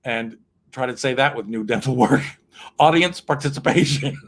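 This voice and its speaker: This is a man with a mid-range, slightly bright voice and a measured pace. Between songs on his online cabaret stream, he chats with viewers from the piano, campy and cheeky, laughing often.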